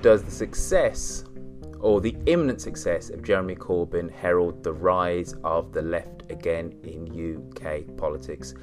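A man's voice: low voice, a little slow, a little mellow, soft background music. A man hosting a political chat, pushing in with questions. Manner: pushy, interrupting with questions. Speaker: podcast host.

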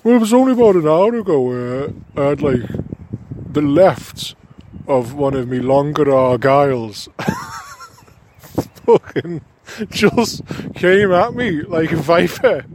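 A chatty man whose voice bounces all over the place, laddish and quick to swear. He sits a touch higher than most men, with faint noise in the background. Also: wildly swooping pitch. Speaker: comedy partner playing a local man. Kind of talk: improvised comedy banter.

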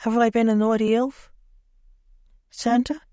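A narrator voicing a drunk, cheeky young man dressed as an elf, read slowly in a storybook telling. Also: mid-range voice, flat delivery, mellow, no room sound, clean studio sound, lightly acted. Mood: tipsy cheeky.

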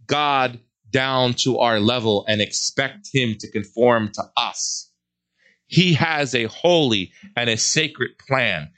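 A man hosting a religious commentary show, delivering an earnest, preaching monologue with slow, emphatic repetition. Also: medium pitch, a bit bright. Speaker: host.

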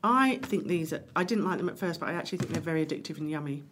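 A woman's voice: low-pitched, animated, racing, a bit bright, slight background noise. A woman, co-hosting a casual chat and leading the segments with enthusiasm. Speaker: podcast co-host.

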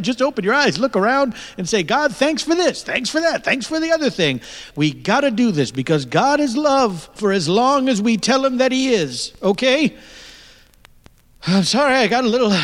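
A man's voice: high voice, long reverb tail. An actor playing a pompous male reverend who blusters and swears as he begs people to join his church. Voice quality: blustering, crude preacher patter.

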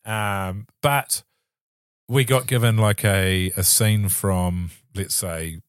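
Man, New Zealand accent, low voice, dry close sound, rambling, self-deprecating chat. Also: steady tone, slow, clear, resonant tone, no room sound. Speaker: podcast co-host. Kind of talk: casual chat.

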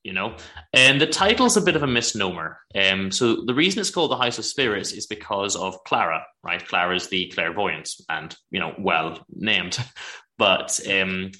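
A low-pitched man with a bright, forceful voice, chatting casually and rambling a little as he hosts a book podcast. The sound is roomy and echoey. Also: animated, normal speed. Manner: chatty, rambling with restarts and asides. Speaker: podcast host.

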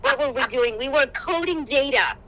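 A young woman telling stories in a casual chat, animated and quick to exclaim. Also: high-pitched, background noise. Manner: animated storyteller, exclaims often. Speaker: guest, social work graduate student. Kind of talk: casual conversation.

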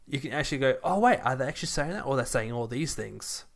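Laid-back male co-host, mid-pitched, anecdotal and chatty. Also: expressive, fast, gravelly. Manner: rambling storyteller, sings chant snippets. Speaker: podcast co-host. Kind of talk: casual chat.

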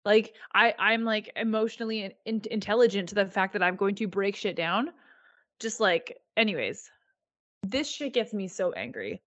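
A woman's voice: medium pitch, expressive, moderate pace, dry recording, lo-fi sound. A woman co-hosting a casual podcast chat, ranting heatedly and swearing. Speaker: podcast co-host.

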